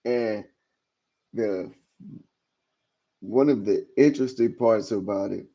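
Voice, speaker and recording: A man's voice: fairly low pitch, slow pace, warm tone, dull audio. A man giving casual commentary as he reacts to messages, often repeating words as he trails off.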